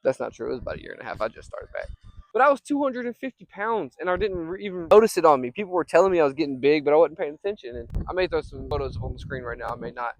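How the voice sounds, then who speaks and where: Out in a field, a vlogger who runs a software company talks in a racing, expressive, fairly high voice. The young man wanders from topic to topic and occasionally breaks off to call his dog, in poor audio without room sound.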